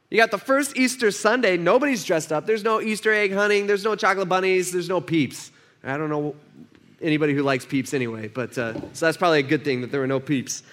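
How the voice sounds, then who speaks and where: A man's voice: a little high, a bit bright. A male pastor preaching a sermon in a church, talking with the room, asking questions and acting out the people in his story. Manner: conversational, asks the room questions, acts out quotes.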